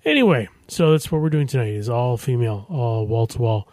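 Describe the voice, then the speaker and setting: A man's voice: medium pitch, animated, brisk, darkish tone, no echo. Middle-aged male radio host, casual joking patter, dry close studio mic. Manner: chatty, self-deprecating jokes. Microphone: studio microphone.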